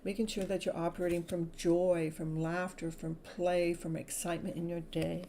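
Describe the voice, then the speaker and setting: Gravelly-voiced woman reading tarot live. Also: fairly low pitch, level tone, normal speed, dark tone, a little hiss or hum, low-quality recording. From California. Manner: soothing spiritual affirmations, laughs often. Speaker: tarot reader.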